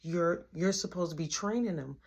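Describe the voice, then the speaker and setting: Woman doing a no-nonsense middle-aged boss lady, brisk, matter-of-fact, bossy, storytime vlog. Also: on the low side, darkish tone, slightly rough. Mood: firm. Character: firm middle-aged female manager.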